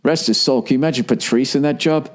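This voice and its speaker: A man in his fifties with a Boston accent, hosting a podcast in casual, profane and animated chat. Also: mid-range voice, fast. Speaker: podcast host.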